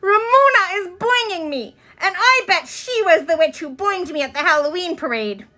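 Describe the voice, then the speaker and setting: A woman reading aloud and voicing a prim little girl who tattles in a shrill, whiny way. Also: lively intonation, normal speed, pushed and bright, heavily acted. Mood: tearful.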